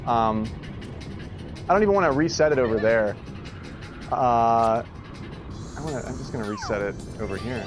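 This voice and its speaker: A man streaming an online golf game live, commenting excitedly, laughing often, swearing and scolding himself over his shots. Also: mid-range voice, over music. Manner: excitable, swearing, quick to laugh and self-critical.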